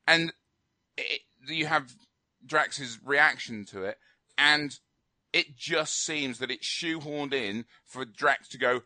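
Opinionated man, bright voice. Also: mid-range voice, slow pace, dry recording. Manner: opinionated, rambling with fillers and restarts. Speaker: film review co-host. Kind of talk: casual radio chat.

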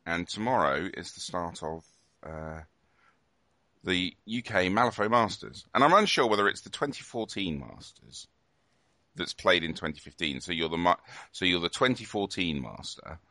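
A man hosts a casual podcast in a low, bright voice. He rambles along with lots of ums and restarts, and his voice sounds close and dry. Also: very animated, normal speed, dry recording. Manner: rambling, many fillers and restarts. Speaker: podcast host.

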